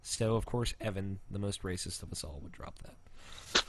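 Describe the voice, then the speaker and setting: A man's voice: low voice, moderate pace, fairly bright tone. A man hosting a podcast in casual chat, reading listener mail, hesitant with many ums, swearing and laughing easily. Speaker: podcast host.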